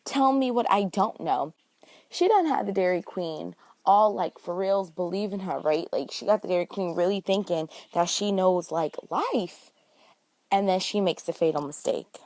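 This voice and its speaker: A woman's voice: lowish voice, moderate pace, darkish tone, dry recording. A young woman vlogger talking through a TV episode recap in a casual, chatty way, full of slang and playful drama. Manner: chatty, dramatic, slangy, acts out scenes in quoted voices. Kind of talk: casual animated recap chat.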